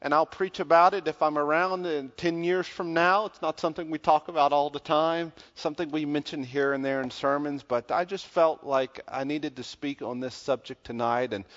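A pastor preaching a sermon, telling a story in a conversational way that grows loud when excited. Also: male voice, a little high, moderate pace, hardly any pauses. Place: church sanctuary. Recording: dull sound with long church reverb.

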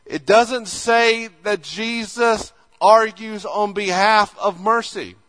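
A man's voice: sits high, takes it slowly, fairly bright tone. A male pastor preaching a conversational sermon, acting out imagined dialogues as he goes.

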